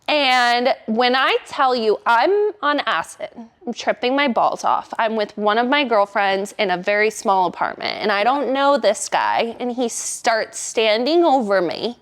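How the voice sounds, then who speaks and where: A young woman with a somewhat high voice tells a story in a fast, casual way. She fills her talk with "like" and swears freely. Her delivery is animated and chatty. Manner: animated, profane, heavy use of "like".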